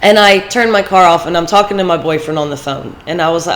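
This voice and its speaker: Rough audio captures a vlogger whose congested, lowish voice moves fast as she delivers casual, personal motivation. She rambles and drops fillers between ideas.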